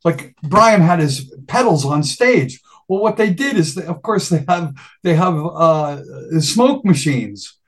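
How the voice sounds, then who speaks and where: Older guy telling road stories, pretty high voice, animated and laughing. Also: slow, few pauses. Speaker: guest musician. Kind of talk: casual storytelling.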